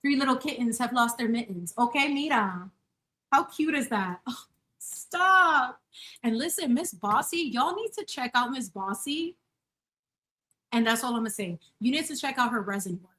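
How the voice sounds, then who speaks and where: A woman in her thirties with a slightly high voice chats casually while she bakes at home. She is effusive and gushing, greeting her viewers warmly by name. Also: lively intonation, moderate pace. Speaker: channel host. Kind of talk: casual live-stream chat while baking. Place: home kitchen.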